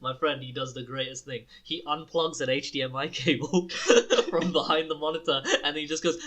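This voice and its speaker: Bright-voiced young man telling a lively story. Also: fairly high pitch, moderate pace, hardly any pauses. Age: young adult. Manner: animated storytelling, acts out friends' lines, laughs often. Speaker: podcast co-host. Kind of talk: casual chat.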